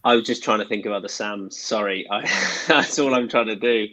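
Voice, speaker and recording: A man hosting a casual racing betting chat, speaking in a halting, self-deprecating way with plenty of fillers. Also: fairly low pitch, bright, forceful tone, no room sound, low-quality recording. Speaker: host.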